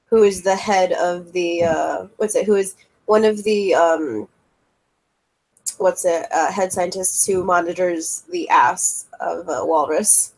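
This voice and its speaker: A woman's voice: on the low side, steady tone, slow, darkish tone, rough recording. A woman describing her character's actions as a player in a tabletop role-play, casual and rambling.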